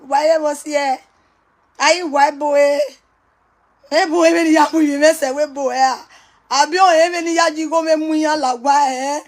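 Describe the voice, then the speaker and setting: A woman's voice: high voice, steady tone, normal speed. A woman with a Nigerian accent, ranting to her viewers in a mocking, scolding way and laughing often. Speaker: online commentator. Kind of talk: casual rant to viewers.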